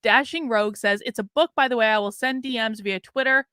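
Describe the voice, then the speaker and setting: A fairly high-voiced woman hosts a commentary livestream, reading news and chat messages aloud. Her remarks turn sharply sarcastic. The sound is dry and close, with no room echo. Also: brisk, fairly bright tone, clear, resonant tone. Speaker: livestream host.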